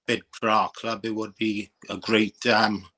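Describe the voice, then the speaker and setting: A man speaking as a guest on a fan podcast, hesitant, with frequent pauses and restarts. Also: on the low side, level tone, sharp tone. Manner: hesitant, many ums and restarts. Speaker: panel guest. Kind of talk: casual chat.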